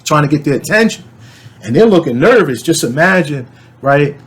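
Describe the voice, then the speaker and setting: A man's voice: on the high side, moderate pace. A man telling a dream to camera in a casual, rambling way, with many fillers and restarts. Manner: animated storyteller, shouts when reenacting. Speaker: channel host.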